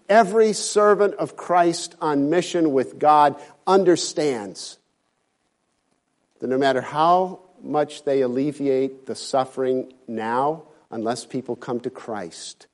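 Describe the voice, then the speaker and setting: A man's voice: medium pitch, moderate pace, darkish tone. A man preaching a sermon, emphatic, rising in force when he quotes scripture.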